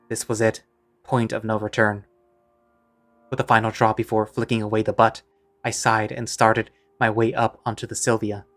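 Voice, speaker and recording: A man with a fairly low voice narrates a first-person story in a wry, conversational manner. Faint music plays softly behind him.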